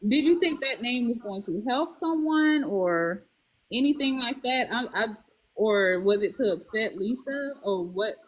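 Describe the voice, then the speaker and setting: A woman's voice: fairly high pitch, expressive, measured pace, rough recording. A woman in a casual live group chat, asking direct, confronting questions. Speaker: live stream participant.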